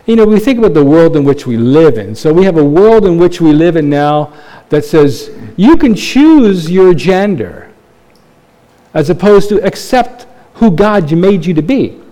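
A man's voice: fairly high pitch, very animated, a little slow, dark tone. A man preaching a sermon from Canada, talking in a conversational way, asking rhetorical questions and pushing up his voice for emphasis. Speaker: pastor.

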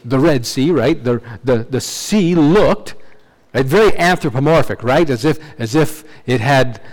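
A man's voice: medium pitch, lively intonation, a little slow, a little mellow, poor audio. A man preaching an expository sermon in a conversational teaching manner, often checking in with his listeners and restarting phrases. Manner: conversational teaching with frequent tag questions and restarts.

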